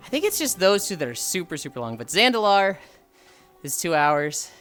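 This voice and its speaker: A man's voice: high-pitched, big pitch swings, takes it slowly, a bit bright. A man streaming while walking, chatting casually, rambling with frequent sighs and casual swearing. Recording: faint music behind.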